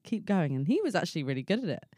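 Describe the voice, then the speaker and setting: A woman's voice: on the low side, very animated, very fast, mellow, husky, no room sound, clean studio sound. A woman co-hosting a podcast, telling stories in a playful, laughing casual chat. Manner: playful, storytelling, laughs a lot. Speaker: podcast co-host.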